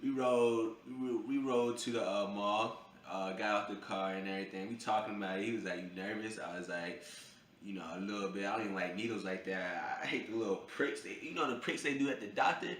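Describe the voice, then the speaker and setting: A young man casually telling a funny personal story, breaking into high yelps when he acts out his own reactions. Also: fairly quick, fairly bright tone. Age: young adult. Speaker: vlogger. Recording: echoey room with faint ambient noise.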